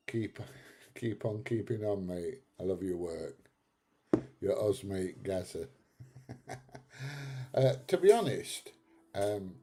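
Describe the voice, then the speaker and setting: A man's voice: lowish voice, mellow. A man with a Northern English accent hosting a casual livestream, reading out comments in a blunt, chatty way and laughing often. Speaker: livestream host.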